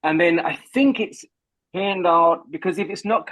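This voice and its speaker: A man's voice: high voice, normal speed, a bit bright, low-quality recording. A man working as a voice coach, patiently talking a guest through voice exercises over a video call. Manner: patient, instructive, repeats words when starting.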